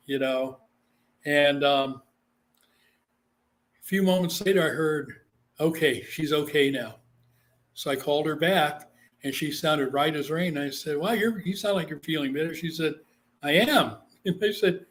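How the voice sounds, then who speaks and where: In an unhurried, fairly high voice, a man from Guam who works as a psychic medium relates a story in a relaxed interview. He tells it with animation, performing each quoted voice.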